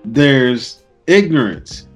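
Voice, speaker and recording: A man's voice: medium pitch, very slow, faint music behind. A man co-hosting a podcast, telling stories animatedly and swearing freely in casual chat. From Florida. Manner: animated storyteller acting out voices, swears freely. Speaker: podcast co-host.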